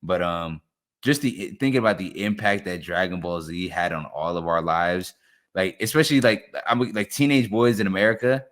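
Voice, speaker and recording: Excitable young man, low voice. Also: moderate pace. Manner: animated, swears freely, excitable. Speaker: podcast co-host. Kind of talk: casual chat.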